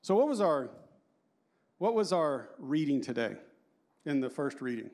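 A man in his fifties giving a lively, joking conference talk and quizzing the audience. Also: fairly high pitch, a little slow. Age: 50s. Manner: animated and joking, asks the audience questions. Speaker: conference speaker.

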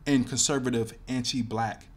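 A man's voice: medium pitch, steady tone, normal speed. A man hosting a casual commentary video, talking loosely and thinking aloud with lots of fillers. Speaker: commentary host.

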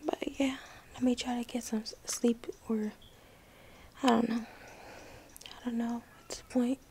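A woman's voice: a little high, level tone, measured pace, darkish tone, slight background noise. A young woman in pain after surgery, whispering a late-night vlog into her phone in her living room, weary, sighing and out of breath. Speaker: vlogger.

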